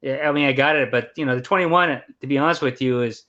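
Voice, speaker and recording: A man talks easily as a guest on a live stream, relaxed and agreeable as he weighs things up. His middle-pitched voice comes through slightly dull, lo-fi audio. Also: quick pace. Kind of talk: casual chat.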